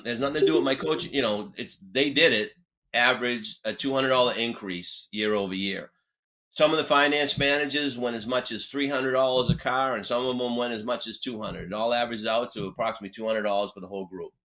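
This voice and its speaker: Bright-voiced man telling a coaching story. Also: poor audio. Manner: animated, punchy delivery with big pitch swings. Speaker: sales trainer and webinar host. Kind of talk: storytelling on a webinar panel.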